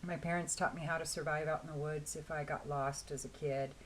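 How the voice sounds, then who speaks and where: A hoarse woman giving a chatty, rambling fragrance review, often clearing her throat. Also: sits low, steady tone, fairly quick, a little hiss or hum, poor audio. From Washington State, US. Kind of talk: casual video review.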